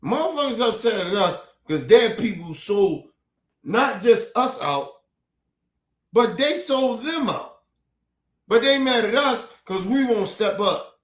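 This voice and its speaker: A fired-up man rants on his stream in a high voice that swings wildly up and down. His talk is profane and repetitive, and the roomy echo of the space trails each line. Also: lively intonation, slow pace, fairly bright tone. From United States. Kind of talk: heated commentary rant.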